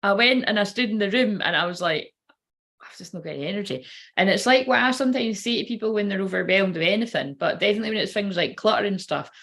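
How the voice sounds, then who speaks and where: A woman's voice: medium pitch, quick pace, hardly any pauses, fairly bright tone. Woman, young, tarot reader, rambling casual chat, laughs a lot, swears. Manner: chatty, laughs often, swears freely.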